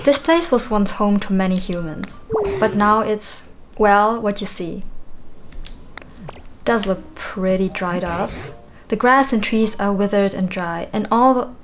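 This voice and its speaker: A woman's voice: mid-range voice, level tone, a little slow, hardly any pauses, a little mellow, a little hiss or hum, close to an everyday voice. Woman reading as a quaint old plant creature. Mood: wistful. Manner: quaint old-fashioned British-style phrasing.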